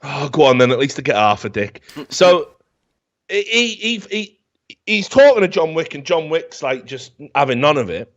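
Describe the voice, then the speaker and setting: On his talk show, a podcast host mocks a film in a comedic rant that's rambling and full of profanity. His voice sits on the high side, with a sing-song lilt at normal speed. The audio is dull and lo-fi.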